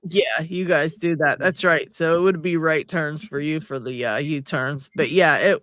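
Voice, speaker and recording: A man hosts a livestream in easy conversation, laughing often as he reads out comments. His voice sits high and bright. The sound is dry and close. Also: fairly even intonation, moderate pace, no echo. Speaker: livestream host. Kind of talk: casual chat.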